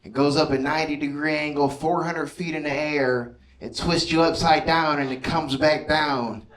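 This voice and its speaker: A man's voice: fairly high pitch, fairly even intonation, normal speed, a bit bright. A man in his thirties doing a stand-up comedy set, chatty and conversational, often checking in with the crowd. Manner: conversational, keeps asking the crowd "you know what I mean". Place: comedy club stage before a laughing audience. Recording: roomy live club sound from far off, crowd laughter.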